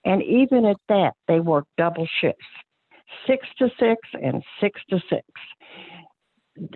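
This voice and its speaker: A woman's voice: mid-range voice, no room sound. A woman, a county clerk giving plain-spoken, earnest remarks at a public board meeting, with frequent fillers and restarts. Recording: tinny phone-line audio, dry.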